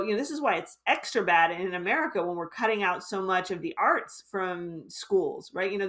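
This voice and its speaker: A woman's voice: mid-range voice, a bit bright. A woman author being interviewed as a guest, explaining her ideas in an earnest, fluent way. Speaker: author and intuition teacher, guest. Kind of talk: interview conversation.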